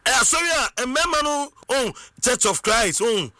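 A Ghanaian man talks in a very high, piercing voice, mixing Twi and English. His delivery is excitable and swings all over, with sudden shouts and sing-song stretches. The sound is close and completely dry. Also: normal speed, no echo.

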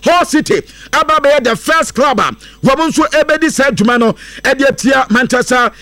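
A man talks through football news with a sing-song lilt. His voice sits very high. The sound is dry and close, with no room around it. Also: normal speed, no echo, soft background music. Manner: lively, mixes English into Akan, sing-song lilts and bursts of laughter. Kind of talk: casual football news chat.

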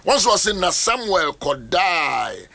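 A man preaching a sermon as a pastor, animated and rising to shouts. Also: sits high, takes it slowly, gravelly.

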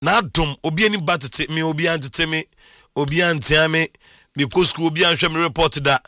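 A middle-aged man from Ghana telling his own life story in a casual, animated monologue with frequent exclamations. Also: a little high, brisk, no echo, clean studio sound. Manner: animated, exclaiming, laughs often.

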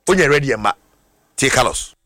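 A man with a Ghanaian accent hosting a sports chat, animated and mixing Twi with English. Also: mid-range voice, brisk, no echo, studio quality. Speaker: sports show host.

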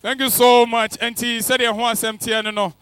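A man's voice: extremely high pitch, little pitch movement, moderate pace, a bit bright, clear, resonant tone, soft background music. A man hosting a promotional event as MC, upbeat and hyping the crowd. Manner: upbeat, hyping, switching into English.

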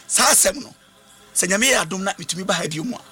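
A man's voice: high-pitched, animated, fast talker, pushed and bright, breathy edge, soft background music. A man preaching a sermon, emphatic, switching languages and repeating phrases. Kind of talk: sermon with interpreter.

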